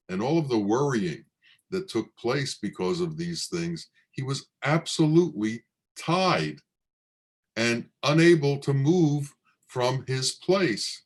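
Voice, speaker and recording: Man slowly telling a spiritual parable, low voice, deliberate. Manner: slow, deliberate storytelling. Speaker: spiritual teacher.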